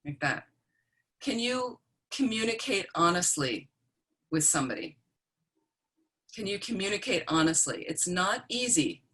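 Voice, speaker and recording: A woman's voice: medium pitch, big pitch swings, a little slow, pauses often, a bit bright, husky. A woman, a Buddhist nun, giving a plain-spoken teaching talk on death and dying, often checking in with her listeners.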